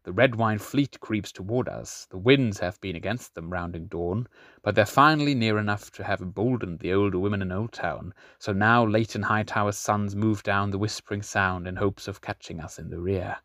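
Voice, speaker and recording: A man reading as a gruff male pirate captain speaking in a subdued, matter-of-fact way. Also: on the low side, normal speed, fairly bright tone, no echo, clean studio sound.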